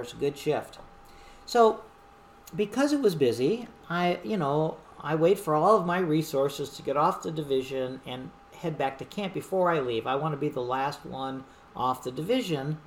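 A middle-aged woman, a wildland fire supervisor, telling a story from a fire camp in a lively, animated way. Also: sits low, moderate pace, a little hiss or hum. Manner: animated storyteller who acts out shouted quotes. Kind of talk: storytelling monologue.

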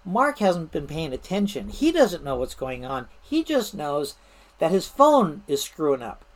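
A woman's voice: deep voice, sing-song, a little slow. A middle-aged woman, a veteran of the fire service, casually telling a prank story, amused and laughing as she goes, with frequent restarts. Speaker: retired fire service manager telling stories.

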